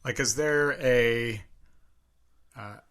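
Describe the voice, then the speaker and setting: A man's voice: mid-range voice, drawn-out words, a bit bright, smooth. A man co-hosting a podcast in casual chat, dropping dry, joking asides. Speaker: podcast co-host.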